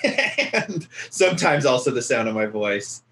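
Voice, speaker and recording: A man's voice: mid-range voice, big pitch swings, measured pace, a bit bright. A man from near Winnipeg hosting a casual podcast, telling stories about himself with a self-mocking manner and frequent laughs. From near Winnipeg, Canada. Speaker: podcast host.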